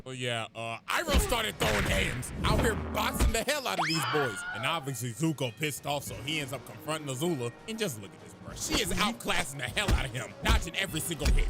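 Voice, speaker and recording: A man's voice: a little high, big pitch swings, a little fast, hardly any pauses, loud music behind the voice. A young man hosting a reaction video, casually recapping a cartoon with comedic, profane storytelling.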